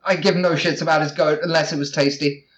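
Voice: medium pitch, steady tone, fairly quick. A tabletop game player narrating their own character's actions, dry and blunt.

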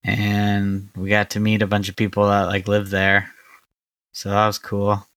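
Deadpan male podcast co-host from Arizona; bright, clear tone, relaxed slow pace. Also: fairly low pitch, no echo. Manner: dry, deadpan humor. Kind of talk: casual chat.

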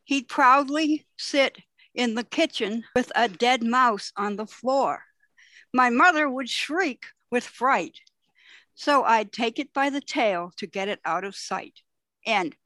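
A woman in a writing workshop reading her own short rhyming poem in a plain, measured way. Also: on the high side, sharp tone, dry recording. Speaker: workshop participant.

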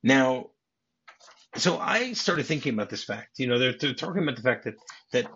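Man, podcast host, husky voice, muffled recording, rambling restarts. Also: mid-range voice, sing-song, quick pace, sharp tone. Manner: rambling, many restarts, acts out lines. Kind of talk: casual movie discussion.

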